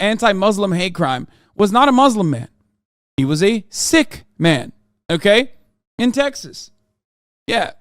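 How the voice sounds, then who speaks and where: A man from the United States, streaming and reacting to a video and chat in a profane, animated rant. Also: high voice, dry recording, clean studio sound. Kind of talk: casual live-stream reaction and chat replies.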